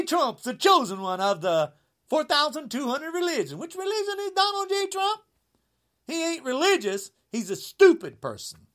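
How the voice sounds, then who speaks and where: A man in his sixties delivering an angry rant to camera, indignant and sarcastic, swinging between shouted jabs and low muttering. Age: 60s. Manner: mocking sarcasm. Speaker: vlogger.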